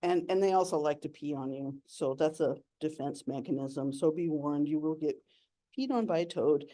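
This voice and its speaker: A woman's voice: deep voice, lively intonation, moderate pace, warm tone. A young adult woman giving a playful, giggly nature talk as an educator.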